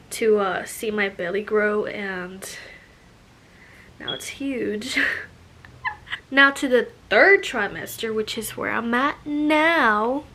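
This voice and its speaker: A woman's voice: fairly high pitch, sharp tone. Chatty young woman, slightly breathless. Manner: chatty, lots of "like" and "you know". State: a little out of breath. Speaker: vlogger. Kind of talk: casual pregnancy update vlog.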